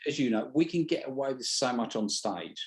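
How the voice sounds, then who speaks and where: A man's voice: medium pitch, lively intonation, a little fast. A man with a British accent, a stage hypnotist talking bluntly in an interview and often restarting his sentences. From Britain. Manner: blunt, swears freely, restarts mid-sentence. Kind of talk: casual interview chat.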